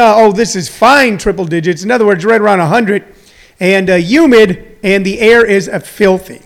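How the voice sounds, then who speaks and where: A man's voice: high voice, a bit bright. A middle-aged man hosting a live talk show, rambling and chatty with jokey asides, a little out of breath. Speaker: host.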